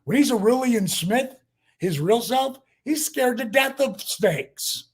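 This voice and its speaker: A man in his sixties, a podcast guest telling a story in a lively, profane way with many fillers, acting out what people said. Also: extremely high pitch, takes it slowly, breathy edge. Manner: profane, acts out quotes, lots of fillers. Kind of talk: animated storytelling.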